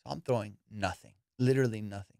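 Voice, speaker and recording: A man hosting a comedy podcast, telling a story in a profane, animated way and acting out the quotes. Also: lowish voice, fast, creaky, no echo, studio quality. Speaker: podcast host.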